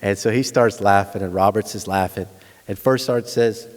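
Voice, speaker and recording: A middle-aged man with a lowish voice tells his own war story to a lecture audience. He speaks frankly and conversationally, with blunt soldier humor. His words ring out with the long reverb of a big hall. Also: steady tone, moderate pace, a little mellow. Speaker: guest lecturer, retired Army staff sergeant.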